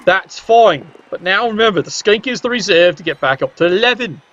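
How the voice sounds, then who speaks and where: A man's voice: high voice, animated, a little fast, a bit bright, dull audio. A man giving casual, chatty commentary on a tabletop-style video game, joking with viewers in the chat.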